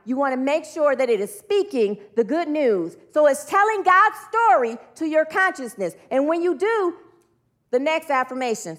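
A middle-aged woman minister preaching earnestly and leading her congregation in repeated spoken affirmations. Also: sits high. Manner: earnest, leads the congregation in call-and-response.

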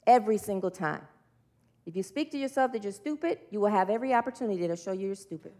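A woman's voice: medium pitch, expressive, quick pace, dark tone. A middle-aged woman minister preaching earnestly and leading her congregation in repeated spoken affirmations. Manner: earnest, leads the congregation in call-and-response.

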